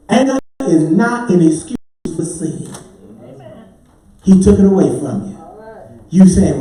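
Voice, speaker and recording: A man's voice: high-pitched, very animated, slow, pauses often, warm tone, soft background music. A man preaching a sermon as pastor, rhythmic and building to sung, hollered climaxes. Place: large church sanctuary. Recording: echoey church hall, mic at a distance.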